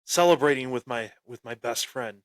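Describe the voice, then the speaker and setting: A man hosting a wrestling podcast and telling a story with boastful heel bravado. He breaks into sudden loud bursts and often repeats and restarts his phrases. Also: medium pitch, moderate pace, no room sound. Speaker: podcast host.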